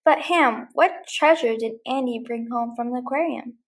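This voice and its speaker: A woman's voice: a little high, moderate pace, far from the mic, close to an everyday voice. A woman voicing a bold, sassy cowgirl toy in a storybook reading. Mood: feisty. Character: jaunty cowgirl toy, female.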